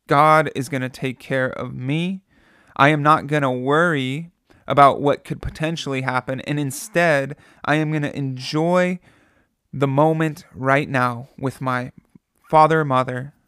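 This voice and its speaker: A man's voice: medium pitch, a bit bright, no room sound. Earnest man preaching in a dry room. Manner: earnest, conversational, repeats phrases for emphasis. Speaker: pastor. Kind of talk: sermon.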